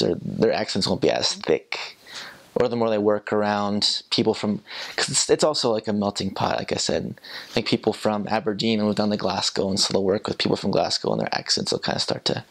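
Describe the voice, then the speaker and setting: Sex: man. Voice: gravelly, lowish. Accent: American. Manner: relaxed, rambling, with frequent ums, likes and chuckles. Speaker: returned missionary. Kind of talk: casual chat.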